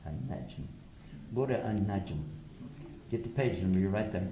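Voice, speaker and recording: A man's voice: fairly low pitch, expressive, measured pace, dark tone, slight background noise. A man giving a religious lecture to a live audience, emphatic and full of rhetorical questions. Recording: echoey lecture hall.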